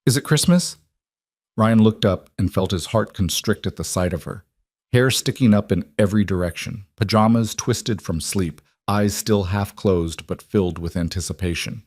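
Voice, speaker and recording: A man narrating an emotional story in a calm, measured, scripted reading. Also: sits low, no echo, clean studio sound.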